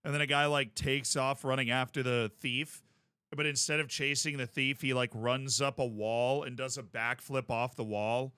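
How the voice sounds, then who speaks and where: A man streaming a game, chatting casually in a rambling, jokey way with sudden loud outbursts. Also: medium pitch, fairly even intonation, normal speed, smooth, dry recording.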